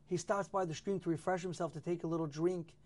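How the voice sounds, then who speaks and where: A man telling a Torah story, animated and acting out the characters' pleas as he goes. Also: a little high, quick pace. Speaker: Torah teacher.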